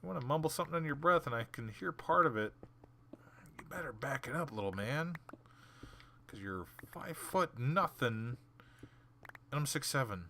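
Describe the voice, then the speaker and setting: A man's voice: medium pitch, normal speed, pauses often, slight background noise. A man hosting a gaming channel, telling a story casually while he plays, acting out the people in it with blunt sarcasm. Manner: animated, acts out the people in his story.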